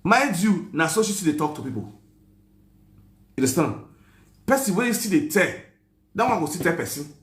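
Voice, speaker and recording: A man with a Nigerian accent telling a story in a casual, animated rant that mixes Pidgin and English, often asking if you understand. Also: sits high, moderate pace, pauses often, roomy sound. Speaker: online commentator.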